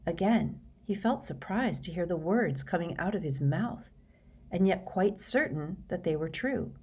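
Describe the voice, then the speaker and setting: A woman narrating a storybook aloud in a steady, measured way. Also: on the low side, slightly rough. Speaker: audiobook narrator. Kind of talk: scripted narration.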